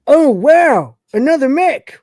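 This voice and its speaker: A podcast host putting on the voice of a dim, drug-happy male mechanoid with a slow country drawl. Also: mid-range voice, lively intonation, creaky, a little mellow, no echo, studio quality, pitched above the performer's own voice. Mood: dopey. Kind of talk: retelling an episode in character.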